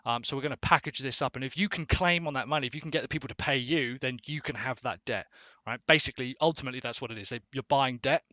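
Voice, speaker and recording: A man explains a topic off the cuff, informal and a little sweary, checking in with his listeners as he goes. His voice is bright and forward, recorded close and dry with no room sound. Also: medium pitch, fast, hardly any pauses, dry recording, lo-fi sound. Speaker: explainer video host. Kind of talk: casual explainer.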